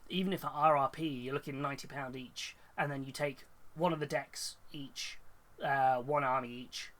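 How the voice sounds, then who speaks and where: A man's voice: medium pitch, fairly even intonation, moderate pace, a bit bright. A man with a cold, talking casually and rambling on a live hobby stream, full of fillers and restarts. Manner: rambling, thinks aloud with many fillers and restarts, reads chat. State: congested with a cold.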